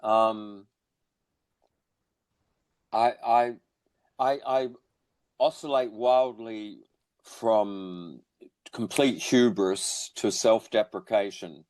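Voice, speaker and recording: A man's voice: on the low side, steady tone, very slow, pauses often, darkish tone, no echo. A man, born in England, chatting as a musician guest with rambling, self-deprecating humor. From born in England, raised in Australia. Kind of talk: casual interview chat.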